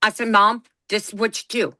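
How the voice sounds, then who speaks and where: A woman's voice: medium pitch, flat delivery, moderate pace, bright, forceful tone, no echo. A woman co-hosting a podcast, telling a family story in a folksy, blunt way. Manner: folksy, blunt, laughs through her stories. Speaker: podcast co-host. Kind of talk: casual storytelling chat.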